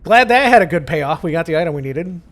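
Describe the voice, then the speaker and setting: A gaming YouTuber with a fairly high voice talks at a quick clip, giving casual commentary on his gameplay. He's animated and rants freely, swearing as he goes.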